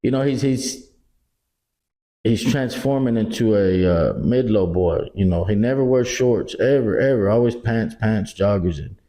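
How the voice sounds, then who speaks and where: A middle-aged Texan man co-hosting a podcast, telling animated stories in casual chat, acting out quotes and swearing freely. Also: lowish voice, a little slow. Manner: animated storyteller, acts out quotes, swears a lot. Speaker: podcast co-host.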